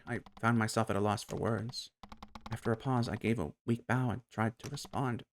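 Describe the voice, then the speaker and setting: A man's voice: on the low side, steady tone, moderate pace, slight background noise. A man reading a game's story aloud as narrator, stopping to react and chat about it. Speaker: game streamer. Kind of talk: reading a game aloud with commentary. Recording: clear music bed under voice. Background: game music.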